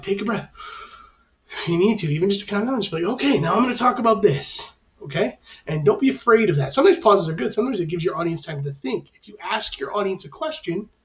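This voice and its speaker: High-voiced male teacher, distant lo-fi sound. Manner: conversational, reassuring, talks with his hands. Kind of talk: recorded class instructions. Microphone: camera facing the speaker. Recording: dull, lo-fi, mic at a distance.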